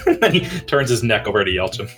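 A man's voice: lowish voice, big pitch swings, fast, a bit bright, faint music behind. A man playing a tabletop game, describing his character in a wry, amused way. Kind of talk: casual tabletop game play.

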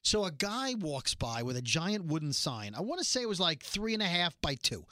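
A man with a high, bright voice, co-hosting a podcast and chatting casually. He rambles through anecdotes full of asides and little jokes, recorded dry and close with no room sound. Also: sing-song, normal speed, no echo. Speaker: podcast co-host. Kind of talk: casual chat.

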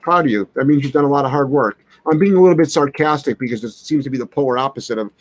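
A man's voice: mid-range voice, fast, no room sound. A man who trains dogs, hosting a live question-and-answer stream, talking in a blunt, brash and sarcastic way. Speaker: dog trainer, show host.

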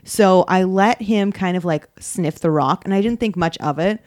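A woman's voice: lowish voice, moderate pace, a little mellow, no echo. Chatty woman telling a rambling story. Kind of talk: casual podcast chat.

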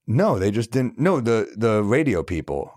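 A man's voice: lowish voice, moderate pace, no room sound, clean studio sound. A man, a comedian guest, telling stories in casual podcast talk and acting out the people he quotes. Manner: animated storyteller acting out quotes.

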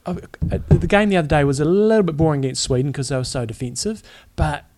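A man's voice: on the high side, lively intonation, quick pace, background noise. A man co-hosting a podcast in casual chat, making blunt, dry remarks. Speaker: podcast co-host.

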